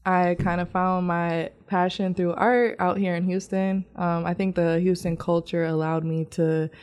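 Podcast guest, young woman from Michigan, lowish voice, slow unhurried delivery, laughs easily. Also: little pitch movement, darkish tone. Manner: laid-back, laughing, trailing off. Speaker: guest artist. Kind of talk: casual podcast interview.

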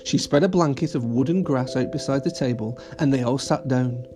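A man gently narrating a children's audio story. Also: medium pitch, fairly quick.

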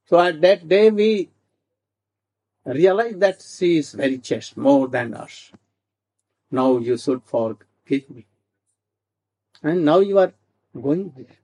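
A man telling a devotional story slowly, with halting restarts and asides asking "hmm?". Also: medium pitch, warm tone.

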